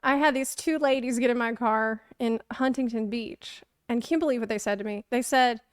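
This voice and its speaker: A woman's voice: on the high side, normal speed, clean tone, no echo, clean studio sound, natural voice. A woman voicing a grumpy male rideshare driver who talks about his passengers with scorn and exasperation. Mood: scornful.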